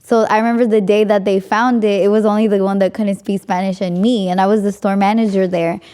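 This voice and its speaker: A woman's voice: mid-range voice, level tone, a little fast, mellow, clean tone. A young woman hosting a podcast, telling a story in casual chat, with lots of "like" and frequent laughs. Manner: chatty, frequent "like", laughs often. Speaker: podcast host.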